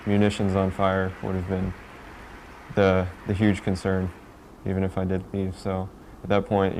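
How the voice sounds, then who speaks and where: A man's voice: low-pitched, darkish tone, slight background noise. A man, a weapons airman, plainly recounting an incident in an interview. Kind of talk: interview recollection.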